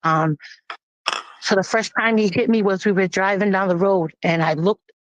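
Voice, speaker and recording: A woman giving a personal testimony in a plain-spoken, halting, grave way. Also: mid-range voice, no echo. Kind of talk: personal testimony, casual storytelling. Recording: dull lo-fi, dry.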